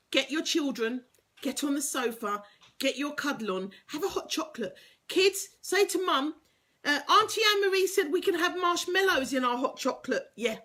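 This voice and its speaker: A woman's voice: a little high, fairly bright tone. A woman life coach chatting casually and playfully to viewers on a live video stream, teasing them and laughing often. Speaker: life coach and motivational speaker. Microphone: webcam or phone on a live video stream.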